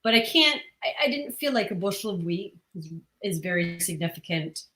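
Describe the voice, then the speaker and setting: A woman's voice: on the low side, expressive, moderate pace, sharp tone, echoey room. A woman who writes comics, answering interview questions earnestly and at length, with frequent restarts.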